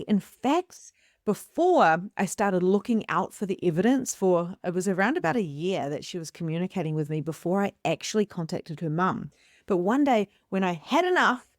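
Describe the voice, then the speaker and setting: A woman with a New Zealand accent, a psychic medium hosting her own channel, telling a personal story with lively, animated delivery and acted-out quotes. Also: no room sound, clean studio sound. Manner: expressive, acts out her own quoted lines with big pitch jumps.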